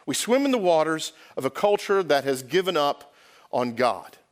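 A man's voice: on the high side, very animated, moderate pace. A man from the United States preaching a sermon to his church, conversational, often asking the congregation questions and restarting phrases. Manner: conversational, self-correcting, asks the congregation questions. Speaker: pastor. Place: church sanctuary.

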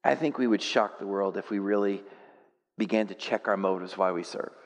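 A man preaching as pastor, in a large hall, speaks a little fast in a lowish voice. He tells stories with humor at his own expense and swings from soft reflection to loud, animated outbursts.

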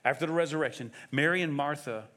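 A man preaching a sermon as pastor, emphatic and animated, firing off rhetorical questions. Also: on the high side, fast.

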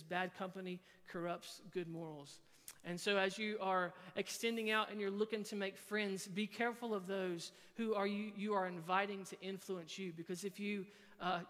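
Youth pastor, male, high-pitched, earnest sermon delivery, echoey church hall. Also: fairly bright tone. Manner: earnest, quotes scripture, frequent fillers. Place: church sanctuary.

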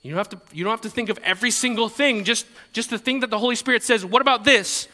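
Bright-voiced man preaching in a reverberant hall. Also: high voice, racing. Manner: conversational, repeats words, laughs lightly, acts out quotes. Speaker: pastor. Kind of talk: sermon.

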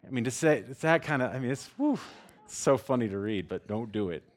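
A man preaching with lots of energy, jumping between quiet asides and loud acted-out bursts. His voice sits in a middle pitch and swings widely as he jokes with the congregation. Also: brisk. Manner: animated, jokey, acts out scenes with sudden loud shouts. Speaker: pastor. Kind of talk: sermon.

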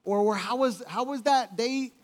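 Male pastor, high voice, lively storytelling sermon, big hall echo. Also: moderate pace. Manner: animated storytelling, acting out quotes, conversational asides. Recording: long hall reverb.

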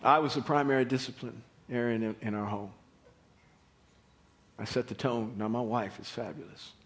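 A middle-aged man as pastor, preaching a sermon in a conversational, animated storytelling way. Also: medium pitch, normal speed, gravelly.

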